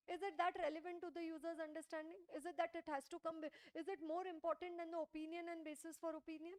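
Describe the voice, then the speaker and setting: High-voiced Indian woman teaching audit. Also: little pitch movement, fast. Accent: Indian English. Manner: checks understanding with frequent rhetorical questions. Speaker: audit lecturer. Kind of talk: classroom lecture.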